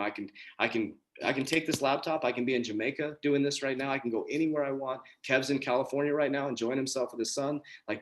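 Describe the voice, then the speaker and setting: A man in his forties speaks on a group video call as a motivational coach. His delivery is earnest and emphatic, and he often repeats his key points for effect. His voice sits at an ordinary middle pitch. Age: 40s. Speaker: coach and community host.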